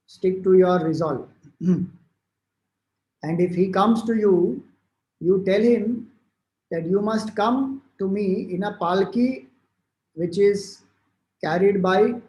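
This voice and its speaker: Speaking with an Indian English accent, a man offers a devotional talk as a spiritual teacher, interpreting scripture and recounting old tales in a relaxed storytelling manner full of fillers and restarts. His high, mellow voice moves very slowly with long pauses, in a roomy, echoing space.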